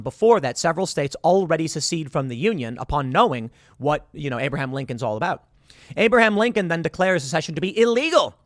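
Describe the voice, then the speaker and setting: A male host delivering political commentary, arguing and sarcastic. His voice rises and falls widely and sits a bit higher than most men's. The sound is dry and close. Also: no room sound. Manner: animated, argumentative and sarcastic.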